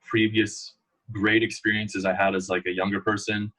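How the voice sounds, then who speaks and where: A man's voice: on the low side, flat delivery, normal speed, a bit bright, low-quality recording. A young man, a guest in a casual interview, telling rambling stories full of fillers. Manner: storytelling, loose and rambling with many fillers.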